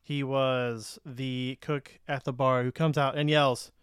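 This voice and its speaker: A man's voice: medium pitch, flat delivery, takes it slowly, clear, resonant tone, no echo, clean studio sound. A man co-hosting a podcast in casual chat, playful and laughing easily. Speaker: podcast co-host.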